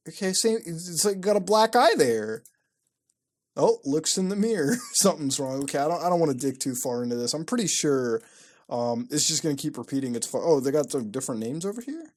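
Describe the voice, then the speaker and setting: Excitable, profane male web-browsing host. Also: fairly high pitch, fairly quick. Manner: profane, excitable, mock-outraged, laughing. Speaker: online video host. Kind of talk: casual commentary while browsing websites.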